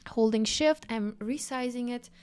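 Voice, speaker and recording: A woman hosting a live design tutorial, bubbly and enthusiastic, a bit out of breath from excitement. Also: a little high, unhurried, clear, resonant tone, soft background music. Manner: bubbly and enthusiastic, frequent exclamations. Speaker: livestream design instructor.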